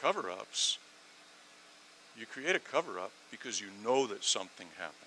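Male preacher, bright tone, animated sermon delivery with sarcastic rhetorical questions. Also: normal speed, slight background noise, poor audio. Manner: animated, swings from loud emphasis to low asides.

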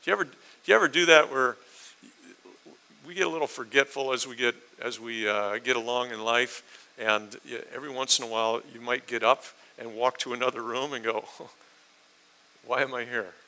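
A man from the United States preaching a sermon that teaches from the Bible. He talks in an animated way, asks his listeners questions, and acts out quotes. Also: mid-range voice, a little fast, rough recording.

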